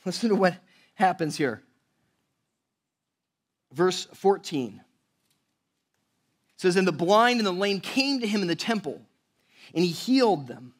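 A man preaching a sermon as pastor, conversational and animated, often checking in with the audience. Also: high voice, measured pace, long pauses.

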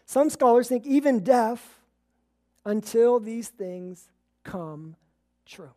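A woman preaching a relaxed, conversational sermon, telling stories and chuckling as she acts out the people in them. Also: on the high side, slow. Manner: storytelling, acts out quoted voices, chuckles.

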